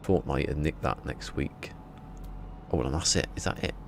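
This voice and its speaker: A man's voice: extremely low pitch, normal speed, creaky, noisy background. A man streaming a game from home, chatting casually and rambling in a self-deprecating way. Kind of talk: casual live-stream chat.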